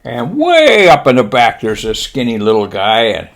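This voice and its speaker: A man's voice: medium pitch, huge pitch swings, moderate pace, creaky, a bit bright. Man telling a rambling comic war story. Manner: rambling, with fillers and asides. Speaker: show host.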